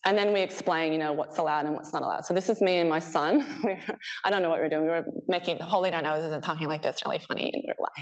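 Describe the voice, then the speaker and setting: A woman presents her research to a room of listeners, her voice sitting a little on the low side. She talks in a loose, conversational way and laughs easily between points. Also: low-quality recording. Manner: chatty and animated, laughing often, acting out quotes. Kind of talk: conference presentation. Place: presentation room with a live audience.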